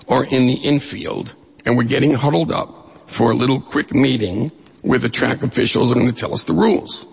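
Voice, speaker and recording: A middle-aged man from New York State telling a humorous personal story to an audience in an animated way. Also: medium pitch, creaky, breathy edge, long reverb tail.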